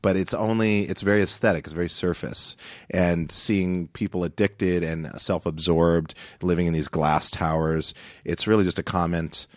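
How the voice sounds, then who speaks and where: Deep-voiced man, dry close sound. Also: no echo. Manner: rambling, animated, quick to joke. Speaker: guest. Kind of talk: casual podcast chat.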